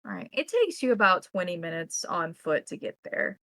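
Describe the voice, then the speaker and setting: Gravelly American woman running the game. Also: on the low side, moderate pace, no room sound, rough recording. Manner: descriptive, steady scene-setting. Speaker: game master. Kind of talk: narrating a tabletop game.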